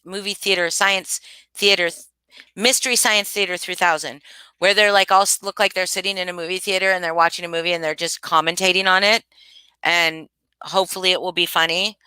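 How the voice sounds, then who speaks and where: A woman's voice: fairly low pitch, fairly even intonation, a little fast, bright, forceful tone, clear, resonant tone, no echo. A woman hosting a casual live stream, rambling and thinking aloud as she answers viewers, often restarting her sentences. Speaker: livestream host.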